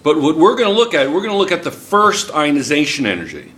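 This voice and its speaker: A man's voice: fairly high pitch, very animated, quick pace, fairly bright tone. Chatty American man lecturing a class. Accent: New Jersey. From United States. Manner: chatty, asks the class questions. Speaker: chemistry teacher.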